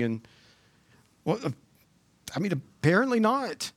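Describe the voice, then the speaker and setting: A man preaching a sermon with a notably high voice. He talks like he is chatting with the congregation and keeps leaping up in pitch. The sound is dry and close. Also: a little slow, no echo. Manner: animated, conversational preaching with sudden jumps in pitch. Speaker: pastor.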